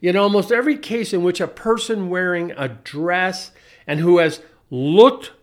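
A man in his forties giving a sardonic storytelling monologue, wry and deliberate, often restarting his sentences and adding asides. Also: high voice. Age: 40s. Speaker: commentator.

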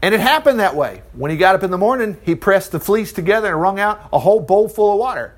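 A middle-aged man preaching, reading a Bible story aloud and breaking off with chuckling, animated commentary. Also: high voice, fast talker. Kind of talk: Bible reading with lively asides.

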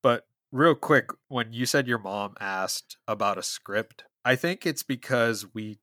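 A man's voice: mid-range voice, animated, measured pace, bright, forceful tone, no room sound, clean studio sound. A man co-hosting a podcast in easygoing casual chat, swearing offhandedly. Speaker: podcast co-host.

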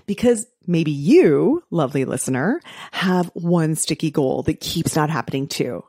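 A woman's voice: deep voice, lively intonation, unhurried, warm tone, slightly rough, no room sound. A woman hosting a podcast interview, enthusiastic and chatty. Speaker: podcast host.

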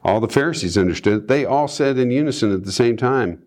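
A man's voice: medium pitch, expressive, quick pace, a little mellow. A man reading Bible passages aloud and breaking in with casual comments, co-hosting a discussion. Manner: reads scripture aloud, then adds asides. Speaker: Bible study co-host.

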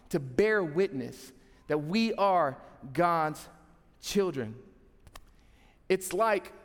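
A young adult man preaching a sermon as pastor, telling funny stories and talking straight to the congregation. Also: a little high. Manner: humorous storytelling, talks to the congregation. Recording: long hall reverb.

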